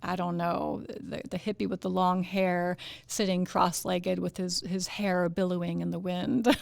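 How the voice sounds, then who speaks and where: Fairly low in pitch with vocal fry, this woman talks at a measured pace in a dry recording. She hosts a wellness podcast, giving casual motivational talk in a chatty, animated way with fillers, laughs, and goofy voices when quoting.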